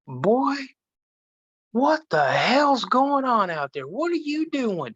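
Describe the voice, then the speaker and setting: A feisty old great-grandmother, as a man puts her on, with her voice pitched up high and folksy rural words. She is short and tough, with a mean streak. The sound is dull and lo-fi. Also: big pitch swings, slow, husky, no room sound, exaggerated voice. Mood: scolding.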